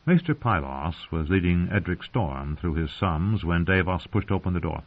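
A man narrating a fantasy audiobook in a steady storytelling voice. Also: low voice, normal speed. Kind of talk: scripted narration. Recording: tinny phone-like sound.

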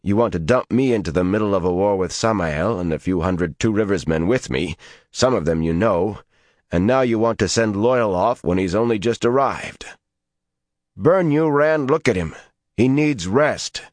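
A gruff young fantasy hero, as a male narrator plays him, growling with blunt exasperation. He is protective and quick to anger, and his voice rises higher and louder than the narration. He comes from a fantasy audiobook. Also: lively intonation, dry recording, clean studio sound, lightly acted. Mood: angry.

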